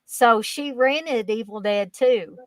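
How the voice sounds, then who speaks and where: A woman guest on a casual horror podcast, telling a childhood story in an easygoing, unhurried way. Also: fairly high pitch, no room sound.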